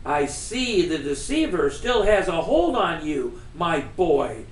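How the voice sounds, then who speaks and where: A man voicing a calm, solemn old man who is guarding a child, in an echoey room. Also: fairly high pitch, slow pace, voice pushed down.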